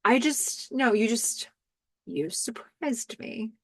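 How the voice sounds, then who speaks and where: A woman voicing an excitable young female musician, high and breathless. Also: slow pace, no room sound, studio quality. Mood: awkward. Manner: bubbly, breathless.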